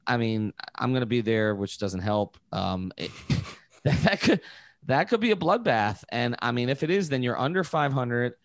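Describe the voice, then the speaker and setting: A man's voice: medium pitch, big pitch swings, normal speed, no echo, studio quality. A man co-hosting a sports podcast, giving blunt, frank basketball analysis in casual chat. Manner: blunt, frank verdicts on the team.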